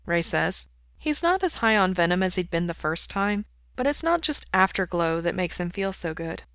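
A woman reading a story aloud in a calm, even way. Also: lowish voice, moderate pace, no room sound. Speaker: reader. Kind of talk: storybook narration.

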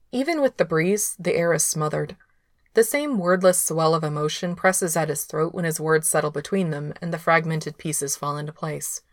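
Woman reading fan fiction out loud, low voice, steady, dry close sound. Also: dry recording. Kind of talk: audiobook narration.

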